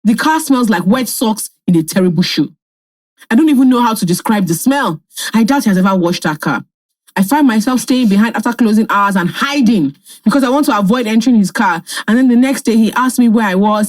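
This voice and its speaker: A woman's voice: mid-range voice, fairly quick, no echo. A Nigerian woman with a Nigerian accent, a podcast co-host reading listener letters and telling stories. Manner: lively storyteller.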